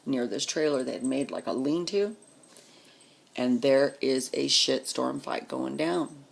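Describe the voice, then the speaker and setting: Woman, very low voice, husky, blunt and profane, personal storytelling. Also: unhurried. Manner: blunt, profane, vivid retelling. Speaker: vlogger.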